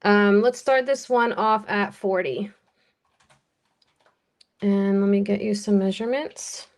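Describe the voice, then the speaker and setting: A woman with an American accent running a live-stream jewelry auction, chatty and unhurried as she calls bids and describes each piece. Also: medium pitch, steady tone, slight background noise.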